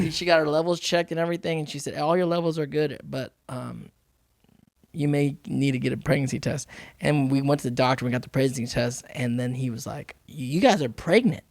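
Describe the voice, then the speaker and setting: A man chatting as a podcast guest, telling stories lively and acting out the people he quotes. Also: medium pitch, a little fast, creaky, dry recording, clean studio sound. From United States. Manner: lively storyteller who acts out quoted people. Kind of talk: casual interview chat.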